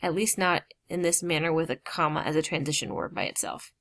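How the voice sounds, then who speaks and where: A woman teaching a grammar lesson. She explains slowly, stresses key words and drops casual asides. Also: sits low, a bit bright.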